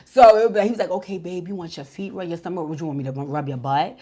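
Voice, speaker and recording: A woman with a slightly low voice talks through a reality show episode in a loose, chatty way. She retells scenes with lively back-and-forth quotes and fillers, like she's catching up a friend. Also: fast, breathy edge. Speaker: TV show reviewer. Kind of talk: casual show recap.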